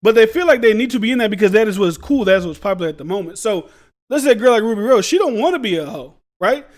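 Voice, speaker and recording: A man's voice: high voice, lively intonation, fast. A man hosting a podcast, giving blunt, rambling commentary in slangy street talk. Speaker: podcast host. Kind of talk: casual commentary.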